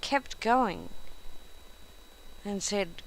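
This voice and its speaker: A woman narrating a storybook in a gentle, unhurried reading manner. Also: medium pitch, lively intonation, a little hiss or hum, rough recording.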